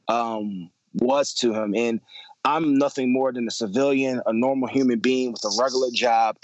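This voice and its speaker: A man in his thirties tells a family story in an easy, conversational voice. He stumbles and repeats words and drops slang as he goes. The voice is mid-pitched and sits in a dead-dry space. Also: dry recording, lo-fi sound. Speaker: father telling a personal story. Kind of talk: casual personal storytelling.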